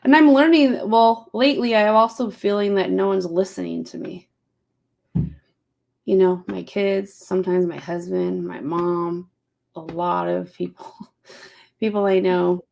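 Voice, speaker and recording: A lower-pitched woman with a mellow, creaky voice talks through her thoughts on a podcast. She speaks in a halting, reflective way, pausing to find her words. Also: steady tone. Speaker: podcast co-host or guest. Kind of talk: casual podcast chat.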